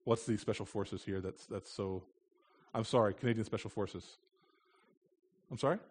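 In a church, an American missionary preaches in a fairly low, slightly rough voice at a normal speed. The sermon is conversational, earnest and plain-spoken, with light humorous touches.

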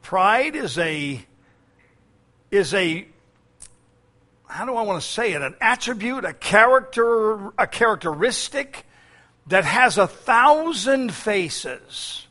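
A man's voice: high-pitched, big pitch swings, slow, long pauses, pushed and bright. A man preaching a sermon as pastor, with frequent fillers and key phrases repeated.

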